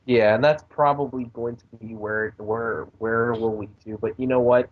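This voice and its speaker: A man's voice: medium pitch, steady tone, normal speed, narrow, tinny audio. A man co-hosting a casual podcast, rambling through a wrestling recap with filler words and goofy voices.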